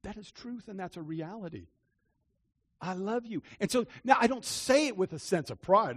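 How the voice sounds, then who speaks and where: An older man preaching a personal testimony, earnest and repetitive, swinging between loud declarations and hushed confessions. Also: high voice, animated, normal speed. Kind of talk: testimony-style sermon.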